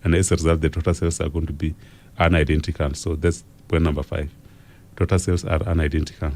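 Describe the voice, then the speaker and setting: A man with a South African accent teaching an exam revision lesson on radio, slow and repetitive as he dictates key phrases. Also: extremely low pitch, little pitch movement, darkish tone.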